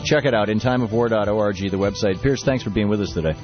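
Chatty radio host, low voice. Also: male voice, fast talker, faint music behind. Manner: relaxed, chatty, laughs easily. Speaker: radio talk show host. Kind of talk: casual talk radio chat. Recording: dull lo-fi radio broadcast.

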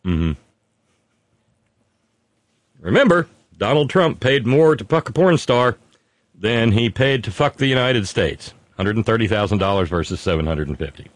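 Lively, sardonic male comedy host. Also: on the low side, normal speed, long pauses, no room sound. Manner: sardonic, profane, giggly asides. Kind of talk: livestream commentary reading viewer comments.

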